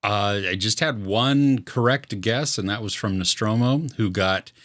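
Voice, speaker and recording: A man's voice: lowish voice, unhurried, a bit bright. A man co-hosting a casual podcast, easygoing and laughing a lot, with lots of short agreeing replies. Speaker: podcast co-host.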